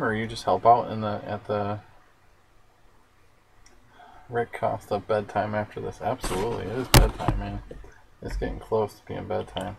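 Male livestream host, rough fry-edged voice, loose chatty delivery. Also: on the low side, flat delivery, normal speed, pauses often, slight background noise, low-quality recording. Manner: rambling, chatty, responds to viewer comments. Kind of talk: casual livestream chat.

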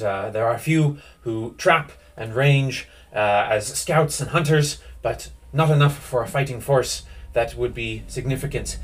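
A man plays a weary young nobleman in a tabletop game. He speaks in a grave, formal, measured way at a middle pitch. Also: natural voice.

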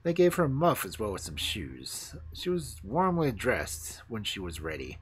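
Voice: mid-range voice, huge pitch swings, normal speed, husky. A storyteller reading fairy tales aloud on a livestream, switching into voices for the characters.

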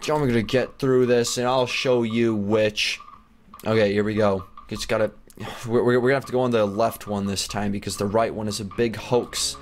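A young man hosting a gameplay channel, talking through an obstacle course in excited casual commentary that jumps into high squeals when something surprises him. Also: moderate pace, slight background noise. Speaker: gaming channel host. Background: faint background music.

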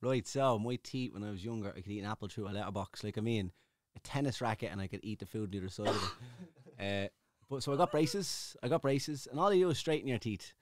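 A man's voice: lowish voice, fast, crowd noise. An Irish man in his thirties, a guest in casual podcast chat, jokey and swearing, in a studio. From Ireland. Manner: jokey, swearing, laughs often.

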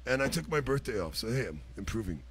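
A man hosting a casual livestream, loud and full of swearing and laughter. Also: medium pitch, very animated, fast talker, background noise. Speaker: livestream host.

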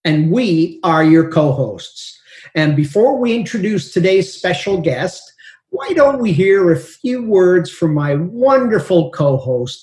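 A man's voice: high-pitched, very animated, slow pace, darkish tone. A man co-hosting a podcast, upbeat and dryly joking. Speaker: podcast co-host. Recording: echoey room.

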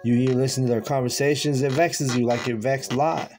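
A man's voice: medium pitch, fairly even intonation, fairly quick, darkish tone, faint music behind. Man preaching in loose street slang. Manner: loose and conversational, slangy, with many restarts and filler words. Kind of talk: casual scripture teaching.

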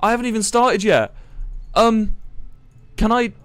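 A young man, commentating a live game stream in a flustered, excitable way, swearing and laughing. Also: high-pitched, a little slow, clean tone, no echo. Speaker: livestreamer.

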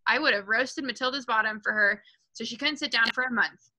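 A woman's voice: fairly high pitch, a little fast, sharp tone, low-quality recording. A woman reading aloud and voicing a huge, bullying female headmistress who barks and mocks. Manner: barking, snapping, mocking.

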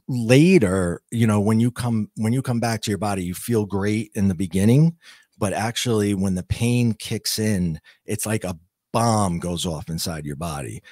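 Earnest low-voiced man recounting an experience. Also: a little mellow, dry recording, studio quality. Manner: earnest, slow and reflective with restarts. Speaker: podcast guest, author. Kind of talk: personal storytelling.

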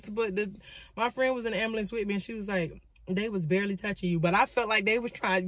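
Animated woman telling a story. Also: mid-range voice, fast talker, background noise. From Florida, US. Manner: animated, dramatic retelling with lots of asides. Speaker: vlogger and motivational speaker. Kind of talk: storytelling vlog.

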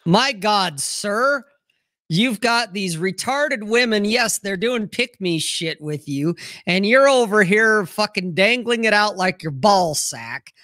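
A man's voice: high voice, lively intonation, takes it slowly, pushed and bright, no echo, studio quality. A man hosting a casual livestream chat, talking in a crude, blunt and profane way. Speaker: podcast host.

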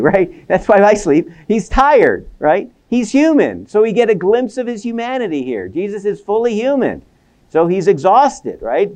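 A man lecturing on scripture in a lively, animated way, his voice sitting a bit higher than most men's. He throws questions at the room, then answers them, and keeps tagging his points with a quick "right?" to keep listeners with him. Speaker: seminary lecturer. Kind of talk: academic Bible lecture.

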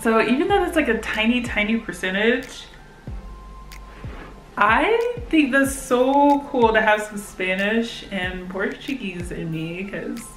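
A woman's voice: a little high, expressive, slow, fairly bright tone, soft background music. A young woman vlogging casually, chatty and giggly with lots of fillers. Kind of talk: casual vlog chat. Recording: roomy echo.

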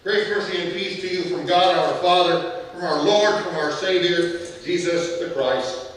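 A male pastor giving a playful, animated children's sermon, leading call and response. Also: high voice, unhurried. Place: large church sanctuary. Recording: echoey church hall from far off.

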